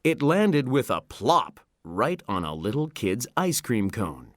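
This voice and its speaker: A man narrates a children's storybook at an unhurried, deliberate pace. His pitch moves freely as he acts out the reading. The sound is dry and close. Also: dry recording. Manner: slow, expressive reading. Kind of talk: scripted narration.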